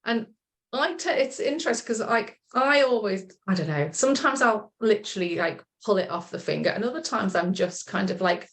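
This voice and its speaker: Woman coach talking folks through a calming exercise, gentle and encouraging, on a video call. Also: medium pitch, normal speed. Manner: gentle, encouraging, chatty with fillers. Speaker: self-love coach leading a group session. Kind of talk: guided relaxation instruction.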